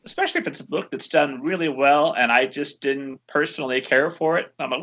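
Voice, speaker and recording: A man's voice: fairly high pitch, a little fast, pushed and bright. A man hosting a podcast interview, asking chatty, eager questions in casual conversation over muffled lo-fi audio. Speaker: podcast host.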